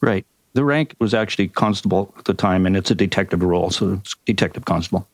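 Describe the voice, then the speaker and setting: An older man with a Canadian accent, a retired detective telling a case in a measured, methodical way on a podcast. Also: deep voice, no echo. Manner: measured, methodical recounting with occasional ums. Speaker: retired detective and crime writer, guest. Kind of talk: podcast interview storytelling.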